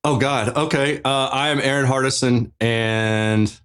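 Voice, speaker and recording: A man's voice: mid-range voice, fairly even intonation, measured pace, a bit bright, smooth. A man on a podcast as a guest, chatting casually, easygoing and self-deprecating. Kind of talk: casual chat.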